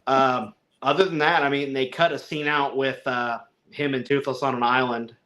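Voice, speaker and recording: A man's voice: mid-range voice, fairly even intonation, normal speed, bright, forceful tone. A man co-hosting a casual film review chat, rambling, chuckling and acting out lines in little voices. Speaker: podcast co-host reviewing a film.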